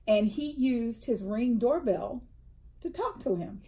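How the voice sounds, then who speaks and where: A woman's voice: on the high side, takes it slowly. A middle-aged woman co-hosting a casual chat, telling stories and acting out the people in them. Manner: animated storyteller, acts out quotes. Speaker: co-host. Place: indoors, tea table chat.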